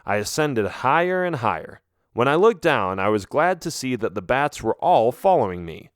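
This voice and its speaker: Lively, expressive male storyteller. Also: medium pitch, moderate pace, no echo, clean studio sound. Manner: lively, expressive, first-person. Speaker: audiobook narrator. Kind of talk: storytelling for children.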